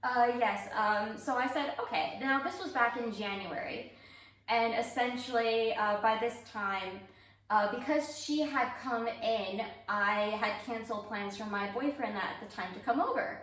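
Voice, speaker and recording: A woman in her twenties telling a story as a guest in a casual interview, relaxed and dryly joking. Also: on the high side, a little slow, distant mic. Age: 20s. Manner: relaxed storyteller, dry jokes. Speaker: guest, stand-up comedian. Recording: very echoey room, set back from the mic.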